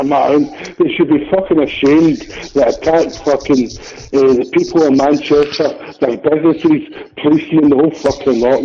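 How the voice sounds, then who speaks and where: A man's voice: a little high, warm tone. A Scottish man in casual football chat, sweary and rambling, tagging lines with "right?". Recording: dull lo-fi recording.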